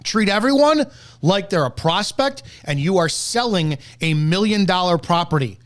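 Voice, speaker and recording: A man's voice: sits high, lively intonation, moderate pace. A man giving blunt, combative reaction commentary on sales methods, ranting with profanity. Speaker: network marketing commentator.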